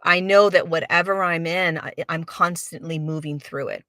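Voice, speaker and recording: A woman's voice: low voice, moderate pace, a bit bright, no room sound, studio quality. A woman hosting a spiritual podcast, talking earnestly in a reflective monologue and repeating words for emphasis. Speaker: spiritual teacher and podcast host.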